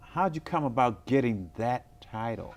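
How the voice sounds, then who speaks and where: A man's voice: mid-range voice, animated, normal speed. A man hosting a local talk show, asking his guest questions in a friendly way. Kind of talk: casual interview.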